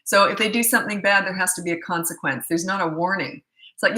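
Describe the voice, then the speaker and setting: A woman's voice: medium pitch, brisk, bright, forceful tone, echoey room. A middle-aged woman parenting coach giving blunt, chatty advice and telling stories from her own family life. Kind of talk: casual advice talk.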